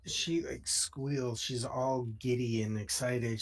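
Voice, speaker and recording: Slow-spoken male game master. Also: medium pitch, fairly even intonation. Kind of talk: narrating a tabletop game.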